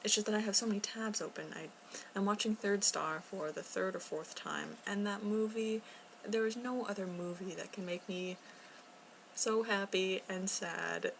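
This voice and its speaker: A young woman chatting casually in a rambling vlog at home, talking quietly and filling gaps with ums and soft laughs. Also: mid-range voice, fairly even intonation, moderate pace, vocal fry, a little hiss or hum, rough recording. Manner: talking quietly, at times near a whisper. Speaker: vlogger. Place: home, indoors.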